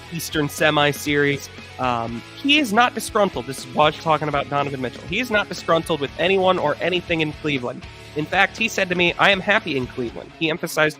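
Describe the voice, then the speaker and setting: Bright-voiced young man talking sports. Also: on the high side. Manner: chatty, opinionated, full of fillers. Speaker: podcast co-host. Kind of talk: casual sports chat.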